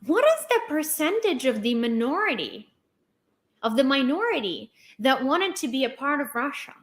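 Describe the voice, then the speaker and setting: A woman's voice: sits high, very animated, a little slow. A young woman, ranting on her vlog in an exasperated, sarcastic way, swearing and firing off rhetorical questions. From Ukraine. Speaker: vlogger. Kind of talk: heated commentary rant.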